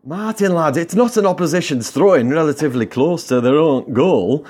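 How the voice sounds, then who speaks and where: A patient, chiding pal, as a man puts him on, keeping his mate in check. His voice sits a little raised and coaxing, steady and friendly. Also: on the high side, normal speed, slightly rough, pitched above the performer's own voice. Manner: soothing, chiding.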